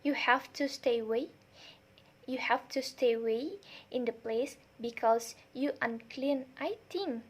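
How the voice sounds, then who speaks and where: A young woman voicing a stern male guard who orders someone away, brusque and quick. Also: fairly high pitch. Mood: scolding.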